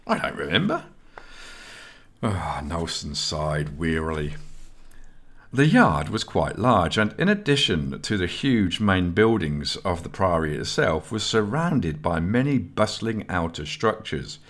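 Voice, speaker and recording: A man with a low, deep voice reads a novel aloud at an unhurried pace. His pitch moves a lot as he tells the story, giving the narration a lively, expressive shape. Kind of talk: audiobook narration.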